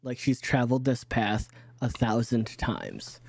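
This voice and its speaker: Man, game master, mid pitch, rambling, dry sound. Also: huge pitch swings, unhurried, creaky, dry recording. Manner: rambling, many fillers and restarts. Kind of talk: narrating a tabletop game.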